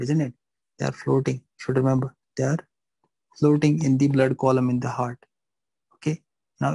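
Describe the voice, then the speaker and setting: A man's voice: medium pitch, mellow, dry recording, poor audio. A man teaching a live physiology class, repeating phrases and checking that students understand.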